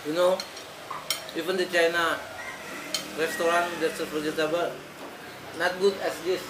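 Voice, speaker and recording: A woman's voice: on the low side, fairly even intonation, moderate pace. A woman vlogging at an outdoor street food stall, chatting in simple non-native English and murmuring while she eats. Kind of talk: casual chat while eating. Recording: noisy street recording.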